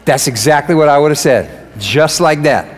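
A man preaching a sermon as pastor in a church, energetic, joking and fired up. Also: fairly high pitch, normal speed, big-room sound, over a noisy crowd, heavy background noise. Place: church sanctuary.

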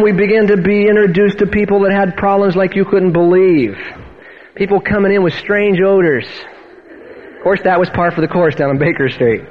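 A man's voice: high-pitched, highs cut off. A man, a pastor, telling a personal testimony as a sermon, acting out the voices of the people in his story.

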